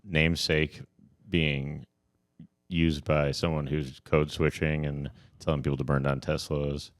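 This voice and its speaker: Very deep-voiced man joking around. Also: flat delivery, measured pace. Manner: rambling, jokey, frequent restarts. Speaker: podcast co-host. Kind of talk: casual comedy chat.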